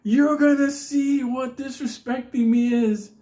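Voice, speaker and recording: A man voicing an intense, unhinged man who speaks in slow, solemn threats. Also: very high voice, animated, mellow, voice pushed up, heavily acted. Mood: menacing.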